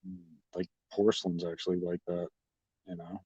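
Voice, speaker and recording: A man's voice: low-pitched, big pitch swings, moderate pace, vocal fry, dark tone, husky, no room sound. A man talking casually to his livestream chat, rambling and mocking with lots of swearing. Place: at a restaurant. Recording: dry, slightly dull audio.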